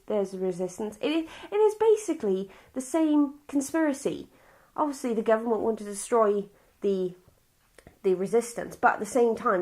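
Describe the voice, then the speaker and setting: A woman's voice: medium pitch, darkish tone. A woman from Wales with a Welsh accent, casually reviewing a film in a chatty, rambling, blunt way. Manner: rambling, chatty and blunt, with frequent restarts and swearing.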